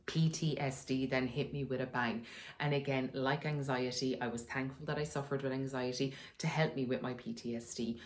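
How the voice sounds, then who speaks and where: A woman with a notably low voice shares frank, conversational advice from her sitting room at home. She talks openly and laughs easily along the way. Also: fairly even intonation, moderate pace. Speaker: wellness vlogger. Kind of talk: candid personal advice talk.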